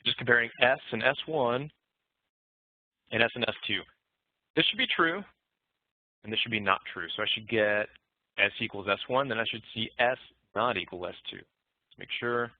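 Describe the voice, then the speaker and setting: A man teaching programming in a recorded lecture, relaxed and thinking aloud as he walks through code. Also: medium pitch, normal speed, pauses often, dry recording. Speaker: programming instructor. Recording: muffled phone-like dry audio.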